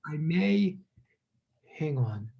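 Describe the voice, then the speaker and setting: A man's voice: a little high, sing-song, extremely slow, creaky, dull audio. A middle-aged male college teacher on a video call, chatting casually and rambling as he greets his students one by one. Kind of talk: casual online class greeting.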